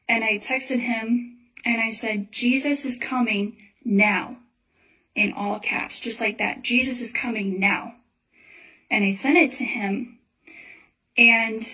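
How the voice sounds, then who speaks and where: Pushed, bright, and a little high, this young woman's voice sits a bit far from the mic. A Christian testimony speaker, she earnestly recounts a personal religious dream, rambling casually and using lots of filler words.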